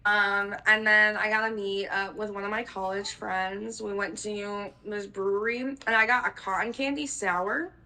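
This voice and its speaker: A woman's voice: mid-range voice, fairly even intonation, normal speed, hardly any pauses, pushed and bright, poor audio. A woman in her twenties co-hosting a podcast, telling stories in a casual, rambling way, full of "like" and casual swearing. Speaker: podcast co-host. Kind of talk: casual chat.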